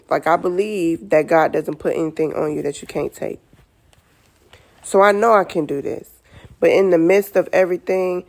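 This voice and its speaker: A woman's voice: lowish voice, darkish tone. A woman talking candidly to her camera as a new mother, exhausted, with many "like"s and "you know"s. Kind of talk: casual talk to camera.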